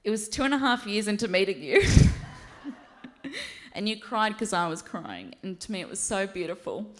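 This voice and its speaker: Woman, maid of honor, wedding toast, mid-pitched voice, laughing and emotional. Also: very animated, normal speed, a bit bright. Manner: laughing and emotional while reading a prepared toast. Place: wedding reception hall.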